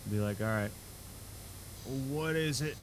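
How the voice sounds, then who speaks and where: A male streamer chats loosely with his viewers, breaking into giggles as he goes. He talks at an unhurried, drawn-out pace into a desk mic, with a faint hum underneath. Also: medium pitch. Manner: playful and giggly, laughs often. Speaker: live streamer. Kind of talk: casual stream chat with viewers.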